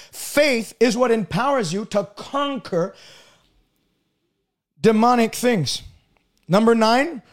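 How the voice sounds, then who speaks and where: A young man preaching a sermon on a broadcast, emphatic and building to loud declarations. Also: very high voice.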